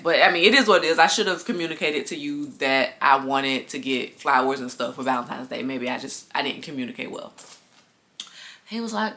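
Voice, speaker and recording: Woman vlogger, somewhat low and bright voice, chatty, casual storytime delivery to viewers. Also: normal speed. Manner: chatty, addresses viewers as y'all. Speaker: lifestyle vlogger.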